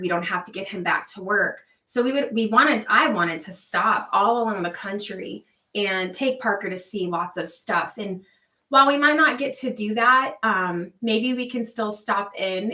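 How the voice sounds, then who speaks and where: A woman's voice: mid-range voice, bright, forceful tone, far from the mic. A woman hosting a casual livestream, chatting with viewers and answering their comments by name. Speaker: livestream host. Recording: echoey room, voice a bit off-mic.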